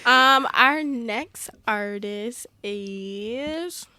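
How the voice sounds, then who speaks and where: A woman hosting a casual podcast chat, running a question game with a guest, playful and quick to laugh. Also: a little high, lively intonation, fairly bright tone, dry recording. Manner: playful, laughs often, dialect speech. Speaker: podcast host.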